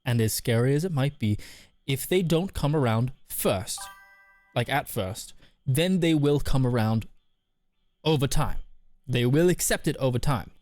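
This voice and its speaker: A man's voice: medium pitch, lively intonation, a little slow, a little mellow, no room sound, soft background music. A man hosting a live stream, giving casual advice and reading chat messages aloud with a joking manner. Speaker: streamer host.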